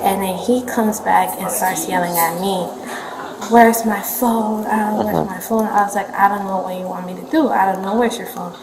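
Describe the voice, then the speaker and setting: A woman's voice: mid-range voice, fairly even intonation, fairly quick, few pauses, a crowd in the background. A woman working a front desk, telling police what happened in a rambling way and quoting people as she goes. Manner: rambling, quotes people in her retelling. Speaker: front desk worker, witness. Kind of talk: recounting events to police. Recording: echoey room, loud music bed.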